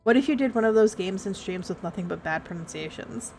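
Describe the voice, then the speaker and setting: A woman's voice: mid-range voice, lively intonation, fairly quick, creaky, darkish tone, faint music behind. A young woman chatting casually and laughing a lot while streaming a game. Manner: giggly, chatty, self-deprecating. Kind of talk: casual live-stream chat.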